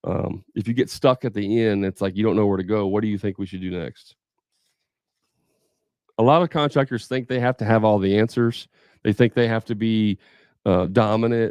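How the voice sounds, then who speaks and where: A man's voice: fairly low pitch, a little mellow, smooth, no room sound, clean studio sound. A man leading a live sales training for contractors, talking casually, thinking aloud and acting out customer conversations.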